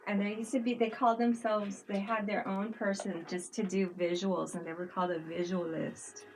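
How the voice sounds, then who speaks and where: A woman chatting casually on a livestream, telling animated stories, laughing often and swearing freely. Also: mid-range voice, moderate pace, a little hiss or hum. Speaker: livestream co-host. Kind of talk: casual chat.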